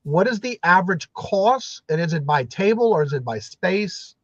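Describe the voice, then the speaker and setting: A man's voice: high voice, lively intonation, normal speed, fairly bright tone, dry recording, dull audio. A man hosting a casual talk show, asking a guest friendly questions. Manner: asks questions, friendly interviewer. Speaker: host. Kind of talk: casual chat.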